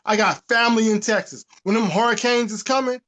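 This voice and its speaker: A man's voice: high voice, brisk. A man, ranting with profanity in a casual podcast talk. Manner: animated, profane, preachy. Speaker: podcast host. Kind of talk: casual rant.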